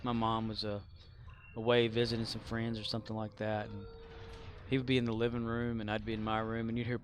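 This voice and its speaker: A man's voice: on the low side, little pitch movement, fairly quick, over loud music. A man livestreaming, casually telling family stories in a rambling way with fillers. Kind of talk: casual storytelling on a game stream.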